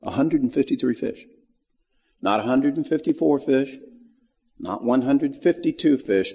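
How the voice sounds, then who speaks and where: Man teaching scripture with a gravelly voice. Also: mid-range voice, expressive, unhurried, pauses often, big-room sound, highs cut off. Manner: folksy storytelling, acts out quoted lines. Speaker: Bible teacher. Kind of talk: Bible teaching.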